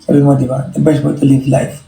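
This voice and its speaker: A man's voice: medium pitch, completely flat delivery, quick pace, vocal fry, mellow, reverberant, poor audio. A man with a Filipino accent hosting a live stream, speaking in an earnest, reflective way and often restarting his phrases. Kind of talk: casual live-stream chat to viewers.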